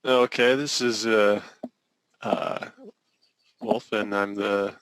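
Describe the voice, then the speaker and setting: A man taking part in an online class meeting, speaking in a hesitant, halting way. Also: on the low side, fairly even intonation, a bit bright, clear, resonant tone, rough recording. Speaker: class participant. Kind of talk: hesitant casual call talk.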